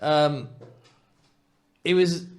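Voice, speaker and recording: A man's voice: on the high side, very slow, smooth. A man hosting a football podcast in casual chat, talking in an impassioned, emphatic way. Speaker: podcast host.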